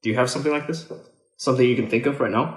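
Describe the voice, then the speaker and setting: A man's voice: medium pitch, steady tone, rapid-fire. Joking man host in an echoey room. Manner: persistent, joking, swears casually. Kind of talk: casual chat.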